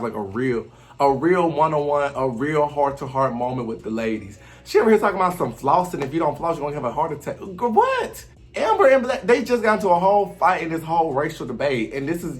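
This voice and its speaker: A man recapping a reality TV show in a casual commentary vlog, talking in an animated, slangy way and often acting out what people said. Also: a little high.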